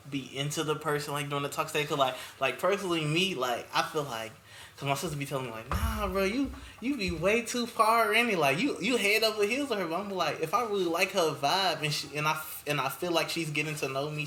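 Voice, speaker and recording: A man's voice: a little high, pushed and bright. A young man co-hosting a casual podcast, an easygoing listener who asks questions in slang and laughs easily. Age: young adult. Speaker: podcast co-host. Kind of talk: casual chat. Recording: echoey room with faint noise.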